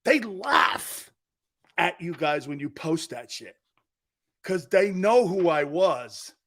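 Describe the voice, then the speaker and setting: A middle-aged man hosting a sports talk show, telling stories in a loose, animated way and acting out the voices of the people he quotes. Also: on the high side, takes it slowly. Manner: animated storyteller, acts out quoted voices, laughs often. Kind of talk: casual storytelling monologue.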